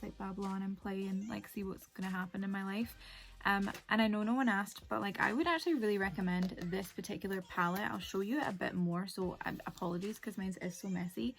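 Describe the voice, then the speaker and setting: A woman's voice: mid-range voice, vocal fry. A young woman, chatting casually and rambling through a make-up tutorial with many fillers. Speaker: beauty vlogger.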